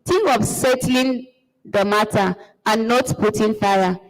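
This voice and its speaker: A woman with a Nigerian accent reading the part of a village girl who tries to calm her friends. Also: mid-range voice, slow. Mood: pleading. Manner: pleading, reproachful. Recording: long reverb.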